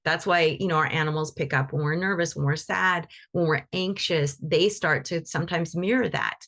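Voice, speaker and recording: A woman's voice: low-pitched, moderate pace, fairly bright tone. A woman teaching animal Reiki in a live online session, talking loosely and conversationally with frequent restarts.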